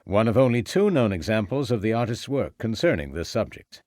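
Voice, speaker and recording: A man voicing an outgoing American antiquary with a booming, expansive manner and an American accent. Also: sing-song, brisk, a little mellow, dry recording, clean studio sound. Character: lively American male antiquary, outgoing and hearty.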